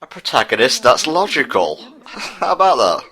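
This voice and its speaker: A man's voice: mid-range voice, sing-song, moderate pace, bright, forceful tone, slightly rough, poor audio. A man giving casual, sarcastic commentary over a video game playthrough. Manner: dry, sarcastic, jokey asides. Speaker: let's play co-commentator.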